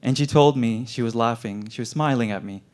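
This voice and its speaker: A man's voice: medium pitch, brisk, a little mellow, smooth. Young man performing earnest spoken word. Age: young adult. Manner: earnest, emotionally intense storytelling. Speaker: medical student performer.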